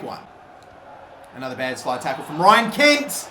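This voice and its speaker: A young man giving live commentary over a football video game, swearing freely and shouting at big moments. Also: mid-range voice, very animated, unhurried, pauses often, echoey room, slight background noise. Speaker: gaming commentator.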